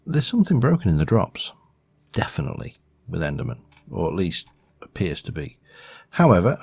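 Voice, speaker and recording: Male game host, very deep with vocal fry, rambling and self-deprecating. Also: darkish tone, no echo. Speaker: gaming video host. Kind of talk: casual game commentary.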